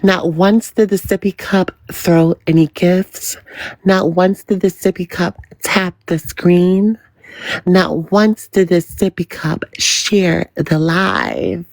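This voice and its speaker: A woman hosting her own livestream and giving gossip commentary. She talks in a dramatic, drawn-out way and repeats words in a teasing sing-song. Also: lowish voice, steady tone, darkish tone, no room sound. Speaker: livestream host.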